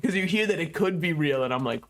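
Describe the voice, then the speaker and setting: A man's voice: a little high, animated, fast, a bit bright. Rambling joking man over game music. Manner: rambling, joking, frequent laughs and asides. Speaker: gaming YouTuber. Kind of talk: casual gameplay commentary.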